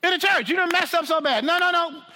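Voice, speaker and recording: A man's voice: very high-pitched, quick pace, sharp tone, heavily acted. A man voicing a harsh, unforgiving male church member who scolds and dismisses someone. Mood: scolding.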